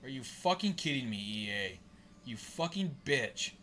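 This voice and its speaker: A man's voice: mid-range voice, expressive, a little slow, bright, forceful tone, slight background noise. A man live-streaming a hockey sim game, grumbling and swearing at it in frustration. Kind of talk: live gameplay commentary.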